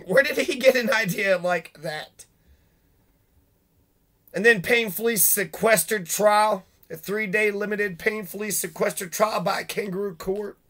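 A man's voice: sits high, sharp tone. A man venting in a profane, sarcastic, rambling monologue, swearing often and mocking the people he is angry at. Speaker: vlogger.

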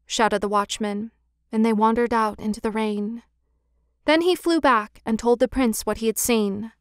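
A woman narrating a classic fairy tale audiobook in a measured, expressive reading style, on a close mic. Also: a little high, clear, resonant tone, dry recording. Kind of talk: scripted storybook narration.

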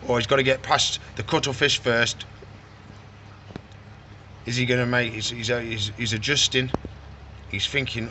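In a pet shop, a reptile shop owner and vlogger chats casually, playfully cooing to his animals in baby talk. His mid-range voice stays level and a little slow, with long pauses and background noise behind him.

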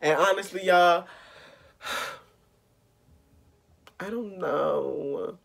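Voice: mid-range voice, very slow, vocal fry. A young adult from the United States ranting in a casual vlog, profane, exasperated and rambling. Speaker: vlogger.

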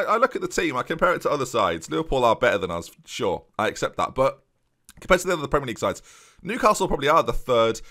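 Chatty man commentating a game. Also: mid-range voice. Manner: chatty, keeps addressing "viewers", rises into excited match commentary. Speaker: gaming YouTuber. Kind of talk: casual commentary over a football management game.

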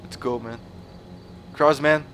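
A man's voice: medium pitch, fairly even intonation, takes it slowly, a little hiss or hum. A man with a Brazilian Portuguese accent, hosting a gaming video and playing a mock cop who teases and repeats himself. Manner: loud, teasing, repeats phrases, mixes in Portuguese. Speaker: gaming channel host. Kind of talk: playful in-game role-play, mock interrogation.

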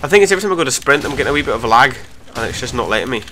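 A young man giving live commentary over his own gameplay, swearing and mocking himself between sudden excited outbursts. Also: mid-range voice, very fast, noisy background. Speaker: gaming commentator.

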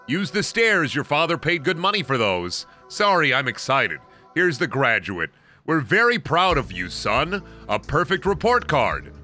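A man's voice: fairly high pitch, pushed and bright. A young man streaming a video game, joking and reading lines aloud as he plays, over faint game music. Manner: joking, reads lines aloud in mock voices. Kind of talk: casual gaming stream commentary.

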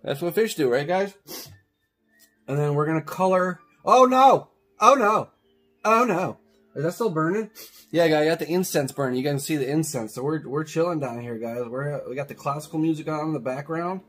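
A man's voice: on the high side, fairly quick, darkish tone, soft background music. A man rambling goofily through a coloring video from his basement, cracking crude jokes and saying "guys" constantly. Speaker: YouTuber coloring on camera. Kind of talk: casual rambling commentary. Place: home basement.

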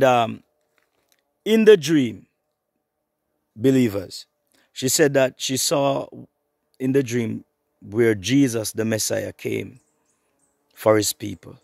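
A middle-aged man preaching an online sermon, fervent and repetitive, swinging between hushed and rising passages. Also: medium pitch, vocal fry, no echo, clean studio sound.

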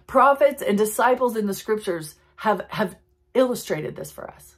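A woman's voice: medium pitch, lively intonation. A woman giving an earnest, reflective Christian devotional talk, with tender emotion in her voice. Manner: earnest, reflective, reads quotes slowly and softly. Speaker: Christian teacher.

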